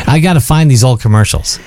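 A man co-hosting a radio talk show, joking and bantering in a playful, animated way. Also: medium pitch, no echo.

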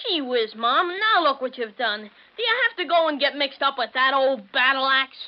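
A woman's voice: high voice, expressive, moderate pace. An actress voicing a brash, cheeky young boy in a 1940s radio drama, with slangy talk. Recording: dull old radio recording.

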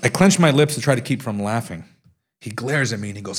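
Husky-voiced man reading his memoir aloud. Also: mid-range voice, fast. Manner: acts out quoted speech with lively voices. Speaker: author reading from his book. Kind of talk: live reading of a nonfiction memoir.

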